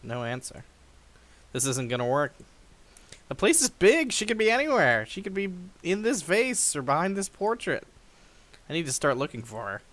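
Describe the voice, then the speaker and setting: A man's voice: a little high, normal speed. A young man hosting a game playthrough, reading the story aloud with dramatic flair and chuckling along. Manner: lively, chuckling, reads narration dramatically. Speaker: let's play host.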